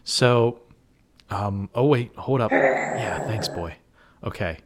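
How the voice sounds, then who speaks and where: A man co-hosting a casual film podcast, teasing his co-host and laughing often. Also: medium pitch. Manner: teasing, laughs often, quick back-and-forth.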